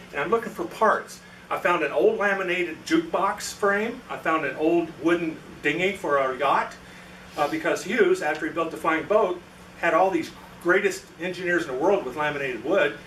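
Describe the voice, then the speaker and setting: Fairly high, bright, and forceful, this man's voice carries his storytelling talk as a guest presenter at a club meeting, where he impersonates the people in his anecdote. The mic is far away in an echoey meeting room, with a little hiss or hum.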